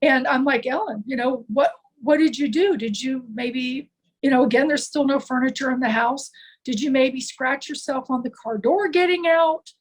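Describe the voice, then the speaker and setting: A woman's voice: high-pitched, normal speed, low-quality recording. Earnest, rambling middle-aged woman storyteller. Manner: earnest, rambling with many restarts and fillers. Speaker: guest, paranormal consultant. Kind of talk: personal storytelling in an interview.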